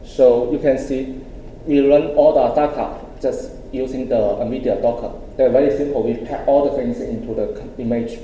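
A man presenting at a tech conference, with a very dark, mellow voice at a middle pitch. His delivery is halting and full of restarts as he walks through the steps of a demo. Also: steady tone, slight background noise, poor audio. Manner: halting, with frequent restarts and plain phrasing; explaining step by step. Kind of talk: technical presentation with live demo.

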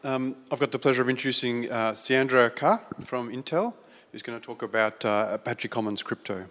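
A man's voice: mid-range voice, brisk, a bit bright. Hesitant man introducing a speaker. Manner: hesitant, filler-heavy. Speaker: session chair. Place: large conference hall. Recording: distant mic in a reverberant hall.

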